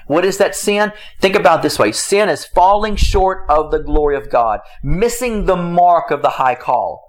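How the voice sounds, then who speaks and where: A man giving a faith-based talk on marriage, emphatic and repetitive, with his pitch swinging up and down. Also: expressive, moderate pace, few pauses, poor audio. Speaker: marriage teacher.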